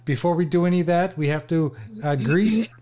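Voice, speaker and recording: A man's voice: fairly high pitch, brisk, noisy background. Playful male host of a gaming chat. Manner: playful, teasing, stretches words out.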